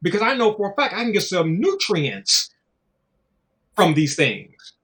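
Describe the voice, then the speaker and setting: A man's voice: high voice, huge pitch swings, a little slow, fairly bright tone. A man in casual conversation, talking in a loose, profane, preachy way and acting out little voices as he goes. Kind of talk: casual chat.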